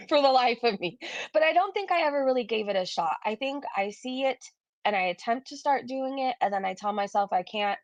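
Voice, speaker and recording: Chatty woman streamer with gravelly fry. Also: mid-range voice, no echo, dull audio. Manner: chatty, reads viewer comments aloud, frequent swearing and laughs. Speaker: commentary streamer. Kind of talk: casual live-stream commentary.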